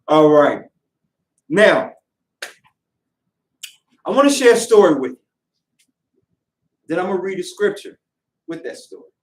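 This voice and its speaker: A man teaching a Sabbath lesson in an unhurried, conversational way, often checking in with his listeners. His voice sits a little high for a man. It echoes around a roomy space, picked up from a distance. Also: very animated. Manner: conversational, with rhetorical questions to listeners. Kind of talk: lesson with storytelling. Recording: roomy echo, mic at a distance.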